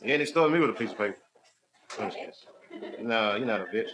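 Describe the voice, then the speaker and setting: A man's voice: lowish voice, lively intonation, fairly quick, noisy background. A man, a stand-up comedian, chatting casually and laughing with fans after a show. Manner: laughing, loose and joking. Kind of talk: casual banter with audience.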